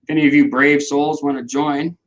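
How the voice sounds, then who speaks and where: A man's voice: fairly high pitch, flat delivery, brisk, rough recording. A middle-aged man, hosting a casual livestream, rambling and joking as he answers viewers' comments. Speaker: livestream host.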